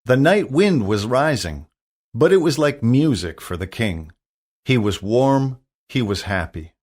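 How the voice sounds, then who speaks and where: A man narrates a storybook for learners in a careful, expressive way. He reads slowly, and his voice rises and falls a great deal to carry the story. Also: mid-range voice. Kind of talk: storybook read-aloud for learners.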